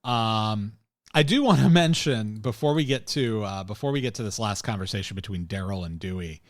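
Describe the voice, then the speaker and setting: A man's voice: on the low side, normal speed, dry recording. A man co-hosting a podcast, recapping a TV episode in casual chat, rambling and opinionated with lots of fillers and chuckles. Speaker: podcast co-host.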